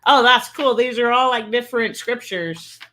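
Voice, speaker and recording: On a streaming setup mic, a livestream host in her fifties celebrates her birthday with casual chat, her voice fairly high-pitched and sharp in tone at a normal pace. She tells stories and laughs frequently.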